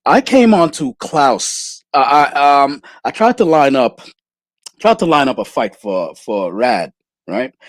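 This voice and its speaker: A man's voice: medium pitch, sing-song, takes it slowly, dry recording. A man in his thirties hosting a casual livestream, rambling and repeating himself while he talks to listeners. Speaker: livestream host.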